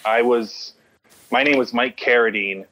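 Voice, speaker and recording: A man's voice: mid-range voice, fairly even intonation, noisy background. Stammering man telling a story. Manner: halting, stammering restarts, heavy swearing. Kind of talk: casual storytelling.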